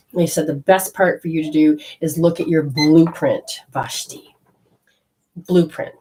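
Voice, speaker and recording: Rambling, animated spiritual medium woman. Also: low voice, slight background noise, rough recording. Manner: rambling, animated, swings between loud and hushed. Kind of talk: live channeling session.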